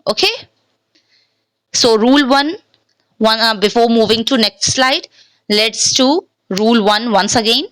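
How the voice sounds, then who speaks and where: A woman's voice: a little high, measured pace, long pauses, a bit bright, no room sound, rough recording. A woman teaching a language lesson from slides, speaking patiently, repeating words and checking in with "okay?", and switching between English and Hindi.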